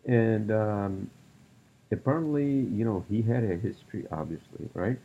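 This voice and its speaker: A man's voice: on the low side, unhurried, phone-quality sound. A man hosting a solo podcast, rambling through topics with lots of fillers and profane rants. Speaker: podcast host.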